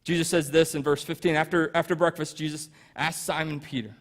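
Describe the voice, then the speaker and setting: A male pastor preaching with a high, light voice for a man. He retells a Bible story casually, drops in self-deprecating asides, and keeps a relaxed, chatty delivery. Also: a little fast, few pauses. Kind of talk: sermon.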